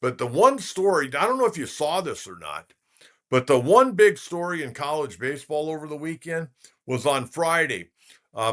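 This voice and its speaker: A man's voice: fairly high pitch, sharp tone. An older man in his sixties, from California, runs a casual sports talk show. He tells stories in a folksy, rambling way and leans on filler words as he goes. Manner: folksy, rambling storyteller with many filler uhs. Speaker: sports radio host.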